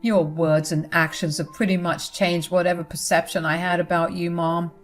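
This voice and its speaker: A woman's voice: fairly low pitch, level tone, normal speed, faint music behind, natural voice. A young adult son speaks with firm, cold disgust toward his mother, voiced by a woman narrator. He is resolute and clipped. It is a storybook narration.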